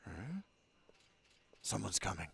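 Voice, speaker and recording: Gravelly, husky man commentating a game. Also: sits low, big pitch swings, slow pace, a bit bright. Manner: casual, wry asides. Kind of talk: let's play commentary.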